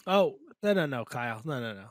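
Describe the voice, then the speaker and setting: A man co-hosting a podcast, crude and swearing constantly in loud joking rants. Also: mid-range voice, sing-song, brisk, no echo, studio quality. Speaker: podcast co-host. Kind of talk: casual podcast chat.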